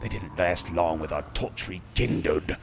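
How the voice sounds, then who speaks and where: A man's voice: low voice, unhurried, creaky, fairly bright tone, a little hiss or hum, voice pushed down, exaggerated voice. A man voicing a male adventurer reading his journal aloud, with a put-on Cockney accent and a theatrical, exaggerated delivery. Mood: grave. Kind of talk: mock dramatic journal reading.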